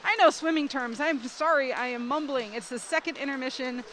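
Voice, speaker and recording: A woman doing live commentary at a swim meet in an indoor pool, excitable and rising to shouts at close finishes. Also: high voice, fairly quick. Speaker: sports commentator. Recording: noisy poolside ambience.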